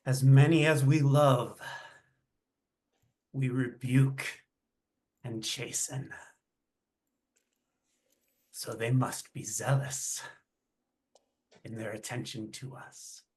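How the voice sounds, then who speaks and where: A man's voice: medium pitch, steady tone, drawn-out words, long pauses, darkish tone. A man playing a pompous, languid dandy. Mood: languid, grand. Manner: pompous, languid, grandly condescending. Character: vain, theatrical androgynous dandy in liturgical finery, speaks with a royal we.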